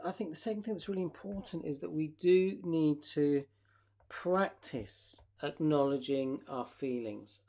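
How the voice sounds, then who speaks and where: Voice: mid-range voice, darkish tone. A therapist leading a live online workshop, asking the audience reflective questions and acting out short example dialogues.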